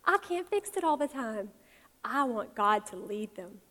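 A woman's voice: a little high, unhurried. Mother preaching in an echoing hall. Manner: conversational, animated, acts out quotes, soft for tender parts. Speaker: speaker at a women's or church talk. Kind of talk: sermon. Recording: long reverb of a large hall.

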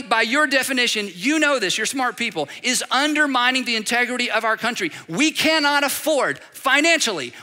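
High bright-voiced preaching man. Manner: animated preaching with repeated phrases and acted quotes. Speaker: pastor. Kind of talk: sermon. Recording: long reverb of a large hall.

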